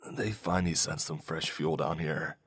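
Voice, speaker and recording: A man voicing a sinister old man who speaks softly and fatherly, coaxing slowly. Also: a bass voice, steady tone, breathy edge, long reverb tail, exaggerated voice. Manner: soft, slow, coaxing.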